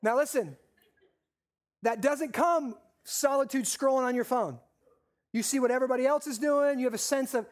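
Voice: high voice, normal speed. Preacher with repeated, stressed phrases. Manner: talks directly to the congregation, asking questions. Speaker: pastor. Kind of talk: sermon.

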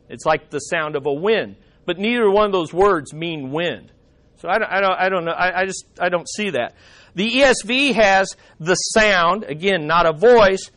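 High-voiced man teaching a Bible lesson. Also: fairly bright tone. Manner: conversational, dry asides, frequent restarts.

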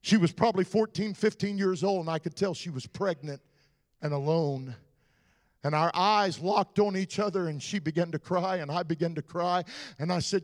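A middle-aged man preaching, telling an emotional personal story in an earnest voice that drops to a hush at times. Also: on the high side, normal speed, dry recording, clean studio sound. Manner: emotional, earnest testimony with soft hushed passages. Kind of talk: sermon storytelling.

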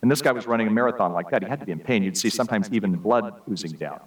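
A man's voice: on the low side, racing, far from the mic, poor audio. Conversational male preacher heard from afar. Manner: conversational storytelling with many asides. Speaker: guest preacher. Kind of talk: sermon. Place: church.

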